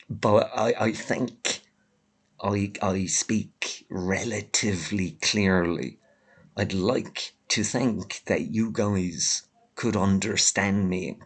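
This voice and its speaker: A man's voice: sits low, fairly bright tone, husky. A man from Ireland with a fairly neutral Irish accent, talking in a rambling, sardonic solo monologue while congested with a head cold and coughing now and then. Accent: Irish, mildly Limerick. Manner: sardonic, rambling, self-deprecating. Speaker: vlogger.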